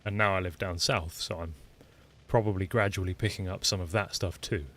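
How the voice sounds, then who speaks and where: A low-voiced Englishman with a mixed, largely Lincolnshire accent streams a game and chats casually into a desktop microphone. He keeps a steady tone, talks a little fast with a somewhat bright sound, and rambles in a self-deprecating way, often saying um and restarting.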